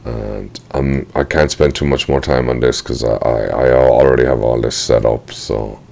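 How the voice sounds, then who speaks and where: Very low-voiced man with a gravelly edge, casual software tutor who thinks aloud and apologizes for his slips. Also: steady tone, moderate pace. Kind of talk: screen-recorded software tutorial.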